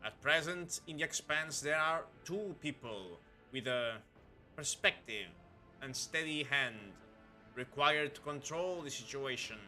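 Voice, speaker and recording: A man voicing a stern, scheming Inquisitor who speaks in a measured, formal, persuasive way. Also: on the high side, bright, forceful tone, faint music behind.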